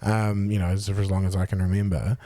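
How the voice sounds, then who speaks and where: A man's voice: low-pitched, level tone, fast talker, dark tone, no room sound. A New man hosting a podcast, talking frankly and casually and swearing freely. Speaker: podcast host. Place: studio in a computer store.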